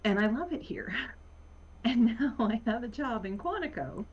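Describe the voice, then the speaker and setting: A woman's voice: a little high, lively intonation, breathy edge. Casting note: woman, Virginia accent, easygoing guest on a video call, muffled lo-fi sound, lots of ums. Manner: rambling, many pauses and fillers, laughs often. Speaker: podcast guest. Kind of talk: casual conversation. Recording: muffled lo-fi audio.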